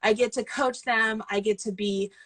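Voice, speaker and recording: A woman's voice: a little high, steady tone, normal speed, a bit bright, low-quality recording. A woman in her forties, a coach and business owner, chatting casually and getting tearful as she rambles. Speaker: guest host, yarn business owner and throwing coach. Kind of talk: casual video chat.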